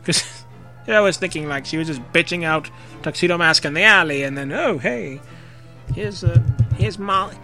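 A young man with a bright, slightly high voice reads fan fiction aloud with loose, casual commentary. Faint music plays behind him. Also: moderate pace. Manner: casual, jokey, swears freely.

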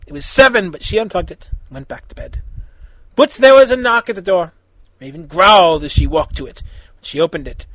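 Brief: casual fan fiction reader, high voice, dry close sound. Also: male voice, sharp tone, no room sound, poor audio. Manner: casual, chatty asides. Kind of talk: reading fan fiction aloud.

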